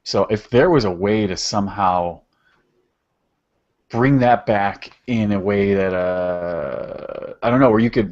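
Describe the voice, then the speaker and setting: A man hosting a podcast with casual, wry, teasing banter. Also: on the low side. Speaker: podcast host. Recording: dull lo-fi podcast audio.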